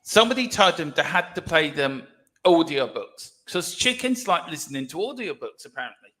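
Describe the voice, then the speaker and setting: A man co-hosting a casual sports livestream, jokey and energetic, with a sore throat. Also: fairly high pitch, moderate pace. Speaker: livestream co-host.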